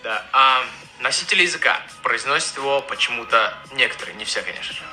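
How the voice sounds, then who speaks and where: A man's voice: mid-range voice, quick pace, over music, poor audio. A man teaching pronunciation in an instructional video, explaining word by word. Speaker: language teacher.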